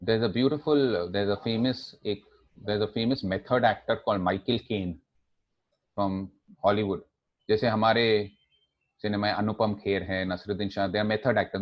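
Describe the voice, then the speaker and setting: Man giving a lively lecture. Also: dull audio. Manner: switches between English and Hindi, demonstrates emphasis with big pitch jumps. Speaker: public speaking trainer. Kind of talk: lecture to a live audience.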